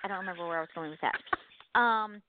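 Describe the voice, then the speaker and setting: A woman co-hosting a casual faith podcast, chatty and animated, laughing at herself as she talks. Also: on the low side, fairly quick, narrow, tinny audio, background noise. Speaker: podcast co-host.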